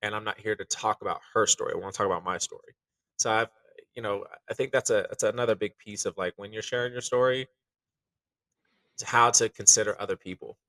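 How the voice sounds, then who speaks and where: A chef speaking candidly on a podcast, earnest and reflective, with lots of "like" and "you know.". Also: male voice, fairly low pitch, steady tone, quick pace, bright, forceful tone, no room sound, recorded from a distance, low-quality recording. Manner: earnest and reflective, many fillers.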